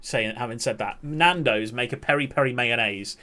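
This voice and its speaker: A man's voice: medium pitch, normal speed, pushed and bright. A man chatting casually on a game stream, swearing and talking to his chat.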